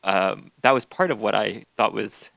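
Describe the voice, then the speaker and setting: Brief: hesitant male organizer, low gravelly voice, dry close sound. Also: normal speed, a bit bright, no echo, rough recording. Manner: hesitant, many fillers and restarts, uses like often. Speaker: union organizer, panelist. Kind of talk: panel discussion.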